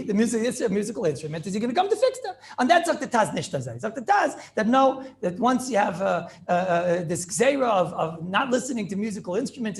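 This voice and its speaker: Rabbi teaching a class, gravelly voice, keeps asking the room questions. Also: male voice, high-pitched, slight background noise. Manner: rapid, repetitive, asks the class questions. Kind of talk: informal Torah class.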